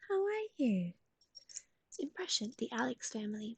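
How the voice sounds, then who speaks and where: Young woman streamer: breathy, husky whisper, fairly high, sweet baby-talk coos, close and dry. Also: expressive, moderate pace, no echo. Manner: soft whispering, cooing baby talk to her dog. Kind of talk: ASMR livestream chat.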